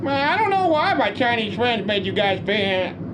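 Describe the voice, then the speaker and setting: Sketch role: sly, sugary spy staffer, high and sing-song, played by a woman; noisy recording. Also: very animated, normal speed. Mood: fawning. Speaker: sketch character.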